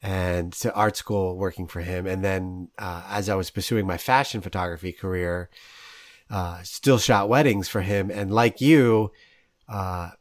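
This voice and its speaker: A man's voice: low-pitched, unhurried, no room sound, studio quality. A man, hosting a casual interview and telling stories with laughs. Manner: storytelling, animated, laughs often. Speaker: podcast host.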